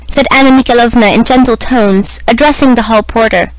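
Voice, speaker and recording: A woman reading a classic novel aloud as scripted narration, in a measured, even manner. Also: fairly high pitch, dry recording, low-quality recording. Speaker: audiobook reader.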